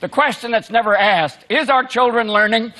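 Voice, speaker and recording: A man from the United States doing a stand-up comedy set on stage, animated, shouting out impressions of politicians. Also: extremely high pitch, normal speed. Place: large theatre before a live audience. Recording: loud crowd laughter and noise.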